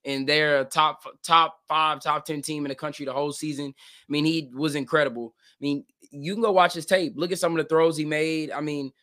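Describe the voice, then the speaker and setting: Emphatic man with a bright voice. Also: fairly high pitch, steady tone, fairly quick. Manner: emphatic, blunt, repeats words when fired up. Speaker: co-host. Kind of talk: casual sports podcast discussion.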